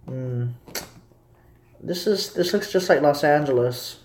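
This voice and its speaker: A man's voice: a little high, expressive, slow, a little mellow, reverberant. A young man casually rambling to his viewers as a streamer. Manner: rambling, repetitive, talking to viewers. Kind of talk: casual live commentary.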